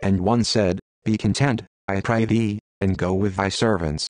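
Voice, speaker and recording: A man giving a measured, solemn reading of King James scripture. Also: on the low side, fairly even intonation, a little mellow, dry recording. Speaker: Bible reader.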